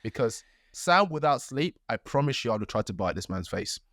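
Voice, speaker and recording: Animated man telling a story. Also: mid-range voice, brisk, no room sound. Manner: animated storytelling, acts out quotes. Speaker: podcast co-host. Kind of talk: casual chat.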